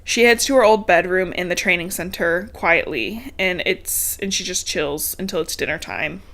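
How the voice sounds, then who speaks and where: A woman's voice: on the low side, lively intonation, normal speed, a bit bright. A woman co-hosting a podcast, recapping a book in a casual, chatty way, with lots of swearing and laughter. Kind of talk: casual chat. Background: a dog heard now and then.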